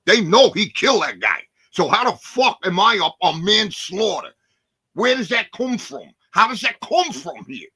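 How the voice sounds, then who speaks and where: A man voicing a brash, ignorant character with a made-up accent, loud, crude and indignant. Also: high-pitched, sing-song, moderate pace, slightly rough, voice pushed up, full character voice. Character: brash, ignorant middle-aged man bragging about his deed.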